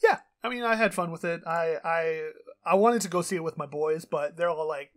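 A man co-hosting a casual podcast, rambling through a film recap with plenty of fillers and the odd curse. His voice sits a bit high and he gets animated as he talks. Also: fast talker, hardly any pauses. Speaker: podcast co-host. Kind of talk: casual chat.

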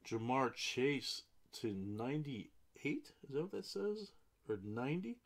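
An unhurried man hosting a live card break, calling out each card and the buyer it goes to in a middle-pitched voice. He breaks into excited exclamations whenever a big hit turns up. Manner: reads out cards and buyers' names, bursts into excited exclamations.

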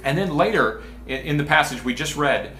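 Male pastor, relaxed chatty preaching, restarts often, roomy church sound. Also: fairly high pitch, brisk, slight background noise. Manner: casual and talky, with many restarts and asides. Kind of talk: conversational sermon. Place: church sanctuary. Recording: echoey church room.

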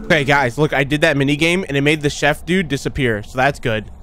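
Over faint background music, a young man plays a horror game and keeps up jumpy, chatty commentary, calling viewers "dude" and shrieking at scares. He's a gaming YouTuber with a high, slightly bright voice, talking fairly quickly.

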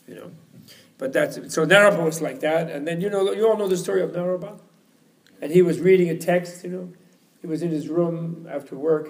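A man's voice: fairly high pitch, vocal fry. A man giving an informal teaching talk at a retreat, rambling and chuckling as he tells stories. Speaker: lecturer. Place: retreat hall.

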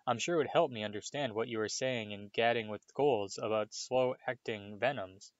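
A man's voice: mid-range voice, normal speed, no room sound, highs cut off, natural voice. A man voicing an eager, nervous, bookish young schoolgirl witch who stammers a little.

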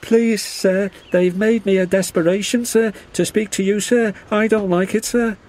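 A man's voice: high-pitched, steady tone, moderate pace, darkish tone, pitched above the performer's own voice, lightly acted. A man voicing a timid little male engine in a storybook reading, nervous and eager to please.

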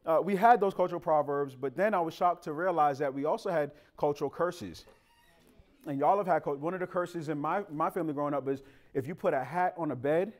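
A man preaching a sermon as pastor, telling funny family stories in a casual, colloquial way and talking straight to the congregation. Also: a little high. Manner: animated, joking storytelling with a casual, colloquial delivery; talks directly to the congregation.

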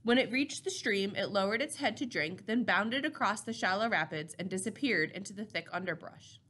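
A woman narrating a novel chapter in a steady, measured reading voice. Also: medium pitch. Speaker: audiobook reader.

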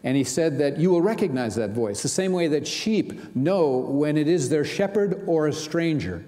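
Mellow-voiced minister preaching in a hall. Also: male voice, a little high, lively intonation, moderate pace. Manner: storytelling with frequent fillers and restarts. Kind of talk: sermon. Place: large church sanctuary.

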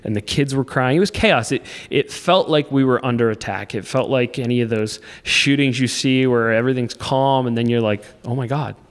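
A man in his thirties recounts a frightening personal story, stopping and restarting his phrases as he goes. His pitch sits in a middle range, and his delivery stays intense and earnest. A long reverb trails his voice, as if he were recorded in a large, echoing space. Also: moderate pace, few pauses. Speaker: podcast guest, off-road racer.

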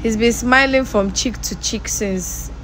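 A woman's voice: on the high side, measured pace, a bit bright, slight background noise. A woman chatting casually, giggly and teasing. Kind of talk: casual chat.

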